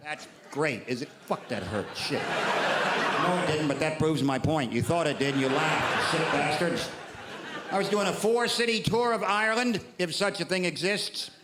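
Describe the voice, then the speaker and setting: A middle-aged American man works a crowd with a somewhat high voice, dry and sardonic, now and then barking a line louder. He is heard from an echoey live venue, with loud audience noise all around. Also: normal speed. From United States. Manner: sardonic, deadpan put-downs with sudden shouted bursts. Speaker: stand-up comedian. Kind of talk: stand-up comedy set. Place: theatre stage before a laughing audience.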